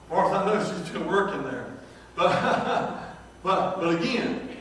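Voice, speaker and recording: A middle-aged man, preaching a folksy sermon in a storytelling manner and reading scripture slowly. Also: sits high, lively intonation, slight background noise. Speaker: pastor. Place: large church sanctuary. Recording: very echoey church hall from far off.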